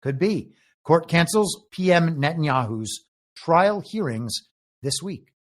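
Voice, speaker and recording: A man's voice: fairly high pitch, lively intonation, slow pace. A man hosting a political commentary show, reading out headlines and musing on them in a wry, speculative way. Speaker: show host and moderator.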